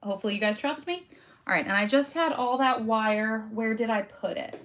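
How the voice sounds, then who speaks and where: Here a crafting host speaks at a moderate pace in a fairly high, fairly bright voice. Working away on a craft project, she chats casually with her viewers and makes self-deprecating jokes along the way.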